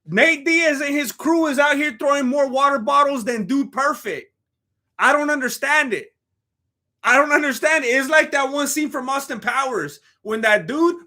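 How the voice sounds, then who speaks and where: A man with a very high, bright voice rambles through casual live-stream commentary. He speaks in loose slang, cracks jokes, and breaks off to answer chat. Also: moderate pace.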